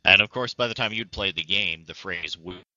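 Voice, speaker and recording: A man's voice: fairly low pitch, brisk, bright, forceful tone, no echo. A man in a casual podcast chat about video games, making wry and articulate points. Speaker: podcast panelist. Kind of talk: casual gaming discussion. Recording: dull, dry lo-fi audio.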